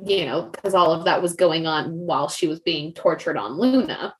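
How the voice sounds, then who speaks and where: Rambling through a casual book discussion, this podcast co-host leans heavily on "like" as a filler. She has a deep, slightly bright voice and a moderate pace, and the audio is poor.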